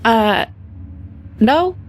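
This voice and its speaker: Brief: timid young girl, voiced by a woman, lively high voice, faint background hiss. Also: very slow. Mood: meek. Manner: meek, self-blaming, eager. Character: young girl who attaches herself to others, meek and eager.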